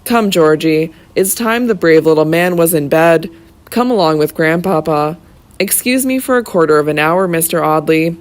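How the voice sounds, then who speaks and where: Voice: mid-range voice, normal speed, natural voice. A reader doing a peevish old grandfather. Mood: self-pitying. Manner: whining, apologetic. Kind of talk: audiobook character reading.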